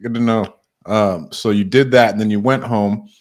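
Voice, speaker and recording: A man's voice: on the low side, fairly even intonation, moderate pace. A man hosting a podcast interview, asking questions in an easygoing, chummy way and calling the guest bro. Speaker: podcast host. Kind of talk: casual interview.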